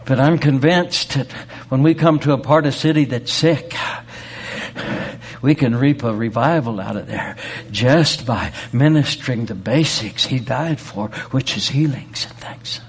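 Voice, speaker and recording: A man preaching a sermon with fervor, swinging from loud exclamations to hushed storytelling. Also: medium pitch, measured pace, husky.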